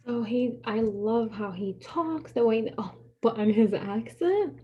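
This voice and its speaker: A woman chatting casually with a friend, telling animated stories and acting out what people said. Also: on the high side, unhurried, dull audio, slight background noise. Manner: animated storyteller, acts out quoted voices, laughs often. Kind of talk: casual chat.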